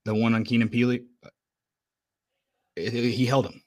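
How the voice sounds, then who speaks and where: A man's voice: mid-range voice, fairly even intonation, normal speed, a little mellow. A man co-hosting a casual sports podcast, venting bluntly and with emphasis about a loss. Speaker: podcast co-host.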